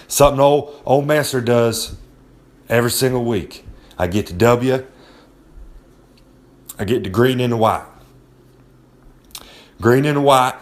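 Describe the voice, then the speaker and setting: A man with a fairly low pitch plays a cocky wrestler blowhard as host of a recurring segment. His brash, boastful pro wrestler act comes across as a comedic rambling monologue, condescending to listeners.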